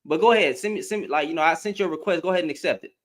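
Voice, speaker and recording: A man's voice: a little high, racing. A man hosting a livestream, ranting in heated, emphatic commentary, repeating and restarting his words. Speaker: livestream host.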